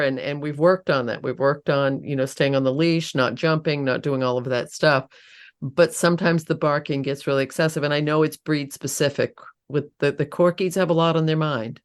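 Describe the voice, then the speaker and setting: Low-pitched lady hosting an interview, kind of rambly. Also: clean tone. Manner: rambling, searching questions. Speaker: podcast host. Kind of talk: conversational interview.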